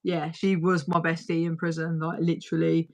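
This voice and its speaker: A woman's voice: deep voice, monotone, moderate pace. A woman hosting a livestream and chatting casually, talking bluntly and swearing freely. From United Kingdom. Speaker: livestream host. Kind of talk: casual chat.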